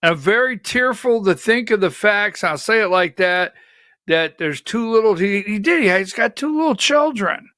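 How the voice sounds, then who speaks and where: A man's voice: high voice, animated, normal speed, bright, forceful tone, no room sound, clean studio sound. A man hosting a political livestream, talking bluntly and skeptically in rambling asides. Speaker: political talk show host. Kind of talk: opinionated livestream commentary.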